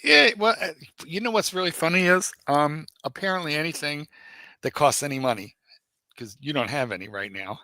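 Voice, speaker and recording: A man co-hosting a casual livestream chat, teasing his partner with lively banter and frequent laughter. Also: on the high side, moderate pace, dry recording. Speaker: livestream co-host.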